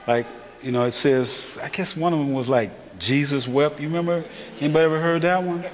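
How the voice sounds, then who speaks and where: A man's voice: fairly high pitch, fairly even intonation, fairly quick. A male pastor giving an informal sermon in a church, talking conversationally, asking the congregation questions and growing more emphatic. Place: church sanctuary. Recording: echoey church hall, faint background hiss.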